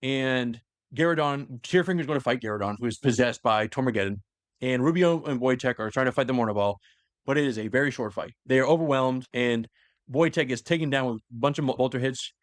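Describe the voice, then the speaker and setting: A man on a podcast rattling off a long story recap at a quick clip, looping back with "like" and self-corrections as he goes. His voice is close and dry, with almost no room sound around it. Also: mid-range voice, dry recording. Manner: rambling storyteller, heavy use of "like", many restarts. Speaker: podcast host. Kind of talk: casual lore recap chat.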